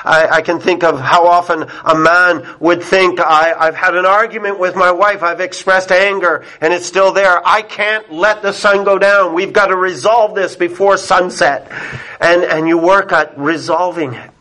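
A man's voice: sits high, fairly even intonation, normal speed, sharp tone, poor audio. A male pastor preaching a sermon, emphatic, with repeated words and rhetorical questions.

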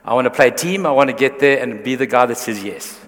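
A man's voice: medium pitch, fairly quick, a bit bright, long reverb tail. A man preaching a sermon to his church, earnest and conversational, restarting phrases as he goes. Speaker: pastor.

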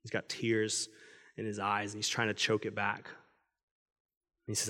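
A man's voice: lowish voice, monotone, moderate pace, pauses often, bright, forceful tone. Man preaching in a reverberant hall. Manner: earnest, conversational storytelling. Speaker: pastor. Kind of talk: sermon. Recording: long reverb of a large hall.

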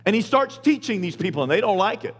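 High-voiced preacher man in a hall. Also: very animated, fast talker. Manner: casual, slangy storytelling of scripture; emphatic, rising to shouts. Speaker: pastor. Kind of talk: sermon. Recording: long reverb of a large hall.

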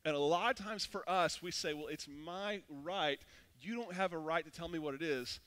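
A man in his thirties preaching a sermon, casual and animated, telling a personal story with frequent restarts. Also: a little high, normal speed. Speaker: pastor.

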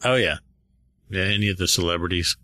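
A man's voice: deep voice, brisk, pushed and bright, no room sound, studio quality. A man co-hosting a podcast in casual chat, laid-back and laughing often. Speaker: podcast co-host.

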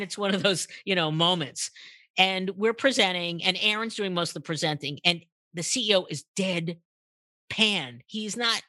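Bright, dry-voiced older woman storyteller. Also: no echo. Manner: acts out quotes with big pitch jumps, many restarts. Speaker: guest, purpose marketing consultant. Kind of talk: animated storytelling in a podcast interview.

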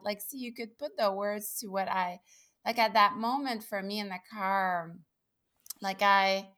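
A woman hosting a conversation, emotional and halting, often saying like. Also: medium pitch, fairly even intonation, sharp tone.

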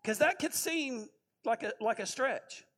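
A man's voice: very high voice, lively intonation, unhurried, a bit bright. A man giving a sermon, telling stories in a conversational way and asking his listeners questions. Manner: storytelling, conversational, asks the audience questions.

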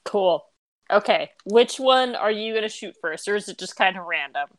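A woman's voice: medium pitch, animated, moderate pace, no room sound. A woman narrating as game master of a tabletop game, casual and laughing often.

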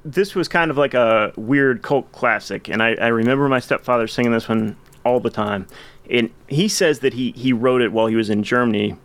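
A man's voice: mid-range voice, a little fast. A man hosting a podcast, chatting enthusiastically about songs with some rambling restarts. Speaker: podcast host. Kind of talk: casual chat about music.

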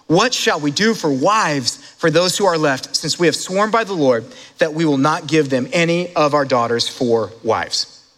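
An animated male pastor in the middle of a sermon, with a high, bright-sounding voice. He talks right to his congregation, throws in asides and laughs, and his voice carries a long, reverberant hall echo. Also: normal speed.

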